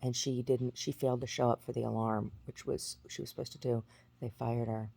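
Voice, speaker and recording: A woman's voice: extremely low pitch, flat delivery, brisk, gravelly, warm tone. A woman in her forties talking through a rambling personal story, full of restarts and fillers. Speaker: vlogger. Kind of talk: casual storytelling monologue.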